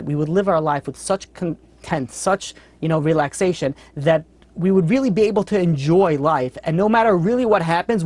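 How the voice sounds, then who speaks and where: A man, a rabbi, giving a storytelling sermon in an earnest, animated way, often saying "you know". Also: on the high side.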